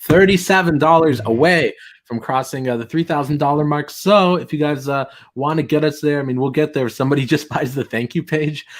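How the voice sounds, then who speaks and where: Casual male streamer chatting. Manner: reads tweets aloud in mocking high voices, laughs often. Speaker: streamer host. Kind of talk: casual livestream chat.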